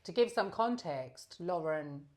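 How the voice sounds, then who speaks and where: A woman's voice: on the low side, animated, measured pace. A middle-aged woman co-hosting a casual podcast chat, chatty and asking probing questions. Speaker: podcast co-host.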